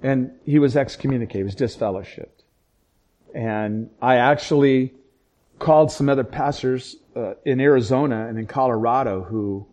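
A middle-aged man, a pastor, telling a painful personal story in conversation, acting out the dialogue and swinging from hushed, low tones to loud, raised outbursts. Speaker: pastor and police chaplain.

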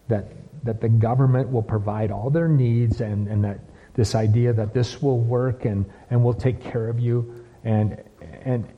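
A man preaching a sermon, full of repeated phrases and rhetorical questions. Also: medium pitch. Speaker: pastor. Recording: dull lo-fi with long hall reverb.

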